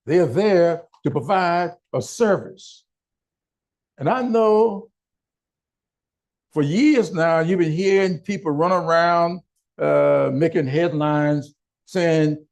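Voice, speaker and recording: An older man giving a town hall speech in slow, deliberate oratory with emphatic pauses. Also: fairly high pitch, gravelly, darkish tone. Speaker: political speaker.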